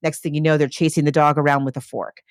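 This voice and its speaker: An enthusiastic woman talks animatedly about a picture book, acting out quotes with big leaps in pitch. Her voice sits fairly low. The sound is close and dry. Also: little pitch movement, fast, clean tone, no room sound. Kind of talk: casual book discussion.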